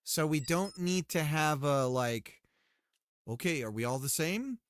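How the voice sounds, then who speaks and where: A man talks his way through code on a live stream, repeating lines to himself and joking as he goes. His pitch rises and falls a lot. The sound is dry and close on a desk microphone. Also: expressive, unhurried, fairly bright tone, no room sound. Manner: playful, muttering and repeating phrases to himself. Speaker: game developer streaming. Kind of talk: thinking aloud while coding on stream.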